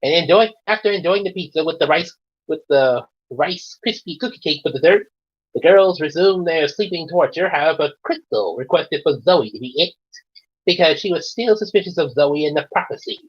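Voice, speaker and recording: A man's voice: a little high, animated, moderate pace, breathy edge. A man reading his own story aloud in a casual storytime, chuckling and stumbling into restarts as he goes. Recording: dull lo-fi recording.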